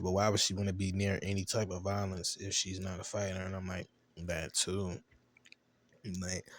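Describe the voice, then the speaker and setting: Man, low voice, AAVE, casual profane show-review rant, laughs easily. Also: a little hiss or hum. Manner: loose, chatty, profane storytelling with laughs.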